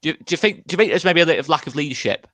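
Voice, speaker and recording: A man's voice: on the high side, animated, rapid-fire, a bit bright. A man hosting a casual football fan chat, asking long, rambling questions full of restarts. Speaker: fan channel host.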